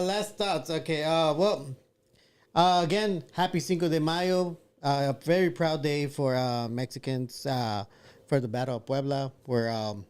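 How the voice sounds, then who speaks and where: A man's voice: medium pitch, darkish tone, smooth. A man co-hosting a podcast, agreeing often and speaking with many fillers in casual chat. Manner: frequent short agreements, hesitant with fillers.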